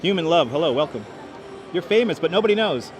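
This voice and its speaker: Male livestream host, slightly high voice, upbeat and chatty, greets viewers one by one. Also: lively intonation, quick pace, a crowd in the background, background noise. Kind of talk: walking livestream, reading chat aloud. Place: city streets and a large indoor station hall. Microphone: wireless clip-on mic.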